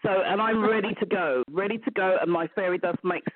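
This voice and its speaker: A woman's voice: mid-range voice, brisk, crowd noise. A woman with a London accent, a business mentor guest, chatting upbeat on a live show over a remote call. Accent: London English. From England. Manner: chatty, upbeat, repeats phrases. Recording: tinny phone-like line.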